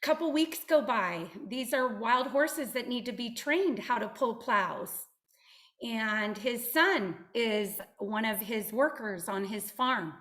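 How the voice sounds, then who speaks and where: A woman guest speaker giving a motivational talk on a video call, telling stories in an animated, emphatic way. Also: a little high, slow pace. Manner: animated storytelling, direct and emphatic.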